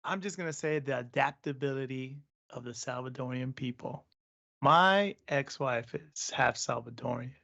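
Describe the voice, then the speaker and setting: A man from Southern California co-hosting a casual chat podcast, excitable, laughing often and talking over his co-host. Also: medium pitch, moderate pace, vocal fry.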